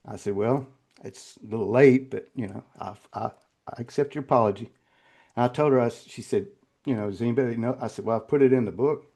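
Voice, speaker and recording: Speaking in a mid-range voice, this older man shares personal stories as an interview guest. His delivery is halting with repeated words, growing hushed and choked in emotional moments.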